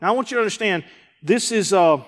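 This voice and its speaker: A man's voice: high voice, expressive, fast talker. A male pastor preaching a sermon, driving points home with emphatic repetition. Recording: hall with long reverb.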